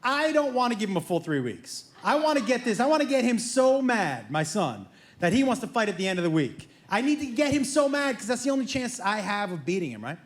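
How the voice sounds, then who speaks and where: High, lively stand-up comedian on stage. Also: male voice, a little fast. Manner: animated, acts out family members in quoted voices. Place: theater stage before a live audience. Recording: roomy live theater sound.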